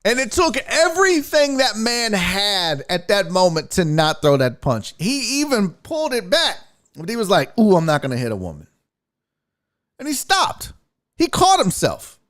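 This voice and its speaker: A man with a fairly high voice hosts a sports show and breaks down a clip. His talk is chatty and profane, with pitch that jumps all over. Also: very animated, a little slow, fairly bright tone. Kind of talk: casual video breakdown commentary.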